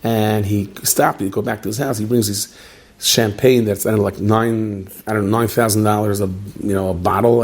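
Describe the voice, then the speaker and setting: A man speaking as a rabbi, giving a Purim talk to a live audience as an animated storyteller who banters with his listeners. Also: lowish voice, breathy edge.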